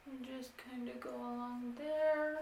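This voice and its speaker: Woman, twenties, casual makeup tutorial, easygoing filler-heavy explaining, slow pace, echoey room. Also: medium pitch, fairly bright tone. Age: 20s. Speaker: beauty vlogger. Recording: roomy echo, faint ambience.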